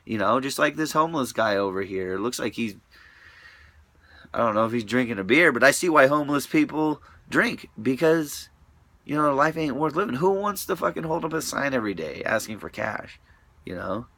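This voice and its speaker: A man's voice: medium pitch, lively intonation, moderate pace, fairly bright tone, no room sound. A man talking to camera in a rambling, profane monologue, restless and often trailing off into mutters.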